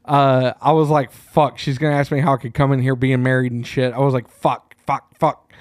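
A man co-hosting a podcast, telling a profane, animated story in casual chat. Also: medium pitch, normal speed, dry recording, studio quality. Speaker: podcast co-host. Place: small room.

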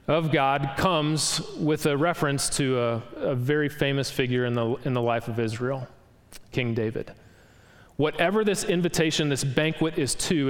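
A man's voice: medium pitch, big-room sound. A man pastor preaching an expository sermon, reading scripture aloud and explaining it verse by verse.

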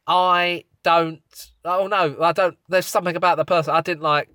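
A man's voice: high voice, steady tone, normal speed, sharp tone, no echo, studio quality. A man co-hosting a podcast in casual comedic chat, rambling as he sets up scenarios. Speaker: podcast co-host.

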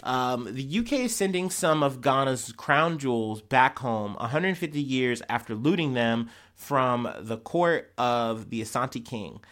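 A man's voice: medium pitch, expressive, a little slow, hardly any pauses, fairly bright tone. Profane man ranting over news. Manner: profane, rambling, heated asides. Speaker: podcast host. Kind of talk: casual news commentary.

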